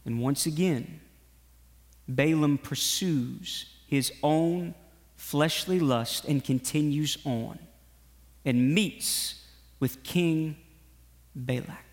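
A male preacher delivers an animated sermon in a high voice, mixing storytelling with urgent exhortation. A long reverb from a large hall hangs behind every line. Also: very slow, pauses often. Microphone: broadcast to online viewers.

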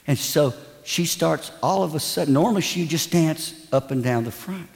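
A man's voice: on the high side, slow, some chatter behind. A man preaching a sermon, telling a humorous story with playful character voices. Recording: long church reverb, faint ambience.

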